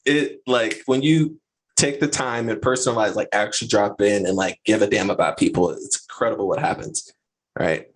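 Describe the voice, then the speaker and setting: A man's voice: on the low side, steady tone, moderate pace, a little hiss or hum, poor audio. A man hosting a podcast in casual chat, talking in a slangy, laid-back way. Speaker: podcast host.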